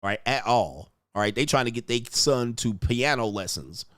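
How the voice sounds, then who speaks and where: Animated and fairly bright in tone, a mid-range male voice moves at normal speed through a casual livestream rant. The host rambles crudely and repeats "all right" between points, in a dry, studio-quality recording.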